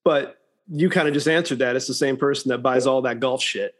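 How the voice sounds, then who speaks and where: A man's voice: mid-range voice, brisk. A man co-hosting a podcast, talking casually about a movie, laughing often and restarting his sentences. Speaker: podcast co-host.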